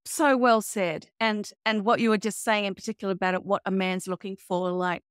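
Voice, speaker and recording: A woman's voice: mid-range voice, steady tone, fairly quick, clean tone, no echo, clean studio sound. A woman podcast host who eagerly affirms her guest and often adds tag questions. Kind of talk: podcast interview.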